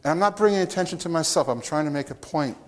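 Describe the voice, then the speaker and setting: A man preaching a conversational sermon, telling stories with animated asides to the audience. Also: a little high, fast. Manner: animated, with restarts and chuckles.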